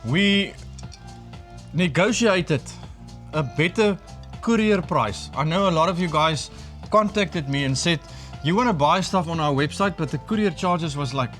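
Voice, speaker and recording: Enthusiastic South African man, bit high-pitched, casual vlog chat over faint music. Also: lively intonation, unhurried, fairly bright tone. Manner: chatty, enthusiastic, with hesitant repeats. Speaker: vlogger. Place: outdoors at a mountain cabin.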